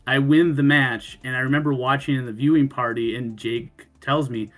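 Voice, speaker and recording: A man on a podcast telling a story in casual chat, animated, swearing freely and laughing, often restarting his sentences. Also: medium pitch, moderate pace, hardly any pauses, soft background music. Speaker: podcast co-host.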